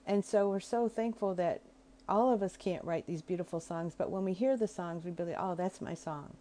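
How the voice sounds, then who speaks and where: A woman giving an informal talk on prayer, in a gentle, reflective way, pausing to search for her words. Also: mid-range voice, a little hiss or hum.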